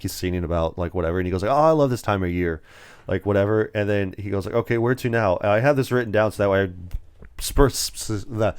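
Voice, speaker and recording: A man's voice: low-pitched, clean tone, no room sound. A man co-hosting a casual movie review podcast, retelling scenes and acting out quotes with frequent laughter. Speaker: podcast co-host.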